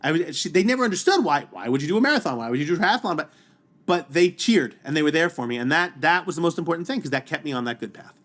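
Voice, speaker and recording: A man talking as a podcast guest, telling stories in a casual, animated way with many quick restarts. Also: on the high side. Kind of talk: casual storytelling.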